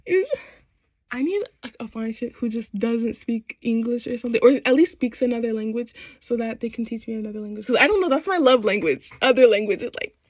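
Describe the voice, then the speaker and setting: A young woman recaps a show in a lively, slangy rush, slipping into quick impressions of the characters. Her voice sits a little high. The sound is close and dry, with no room around it. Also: dry recording. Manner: animated, slangy retelling with quoted voices. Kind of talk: casual chat.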